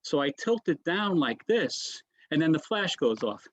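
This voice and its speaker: A man's voice: fairly high pitch, measured pace, no echo, rough recording. A man, a comedian, telling anecdotes in a casual interview, restarting sentences and tossing in "right?" asides. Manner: animated storyteller, frequent restarts and "right?" asides. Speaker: comedian guest.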